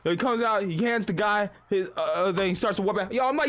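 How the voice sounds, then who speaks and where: Male streamer, high voice, swearing through a casual rambling rant. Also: fast talker, hardly any pauses. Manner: profane, rambling, storytelling with animated asides.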